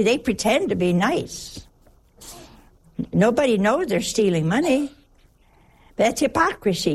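A religious sister giving a folksy sermon, chatty and joking, with plenty of rhetorical questions. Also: female voice, medium pitch, darkish tone.

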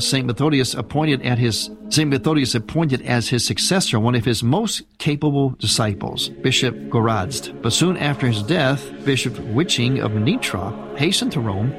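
An older man, a priest, giving an informal church history lecture with a husky voice and a conversational, explanatory manner, turning now and then to speak to his listeners. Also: mid-range voice. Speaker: Byzantine Catholic priest teaching church history.

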